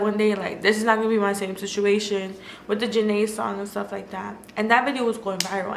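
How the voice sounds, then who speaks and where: A woman's voice: medium pitch, a bit bright. A young woman vlogger telling a personal story in a candid, casual way, with lots of "like" and cursing. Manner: candid and emotional, filler-heavy, swears freely. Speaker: food vlogger. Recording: echoey room with faint noise.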